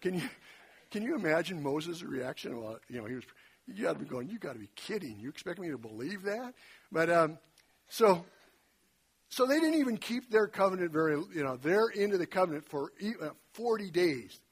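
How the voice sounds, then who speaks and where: A man preaching a sermon in a conversational way, retelling scripture with lively folksy asides and a slightly husky voice. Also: fairly high pitch, normal speed.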